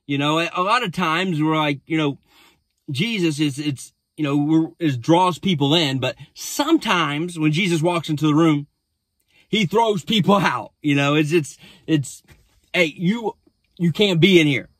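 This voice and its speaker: A man's voice: on the high side, unhurried, dry recording. A man, a pastor, recapping a sermon in a casual storytelling way with frequent restarts.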